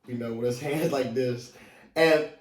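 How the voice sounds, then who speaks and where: A young man, a podcast host, telling army stories in casual chat, animated and swearing, often asking his friend whether he remembers. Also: medium pitch, a little slow. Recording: echoey room, mic at a distance.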